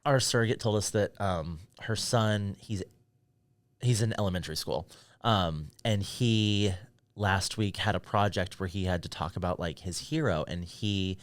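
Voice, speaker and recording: A man's voice: fairly low pitch, measured pace, no room sound. A man co-hosting a podcast, talking casually and thinking things through aloud. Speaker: podcast co-host. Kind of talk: casual chat.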